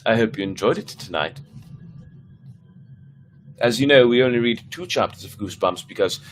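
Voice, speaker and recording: Male storyteller host, relaxed read-aloud, chatty with fillers between chapters. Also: on the low side, moderate pace, a little hiss or hum. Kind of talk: reading a children's book aloud on a livestream.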